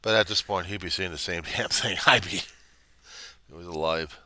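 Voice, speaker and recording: A man's voice: low voice, normal speed, sharp tone, dry recording. A man vlogging on his own channel, rambling in a gloomy, sardonic rant. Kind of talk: casual rant to camera.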